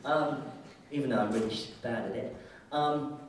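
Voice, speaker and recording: A man's voice: medium pitch, moderate pace, a little hiss or hum. A man giving a casual, joking conference keynote talk in an irreverent manner, from the United Kingdom. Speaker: keynote speaker. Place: large conference hall. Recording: echoey hall, mic heard from far off.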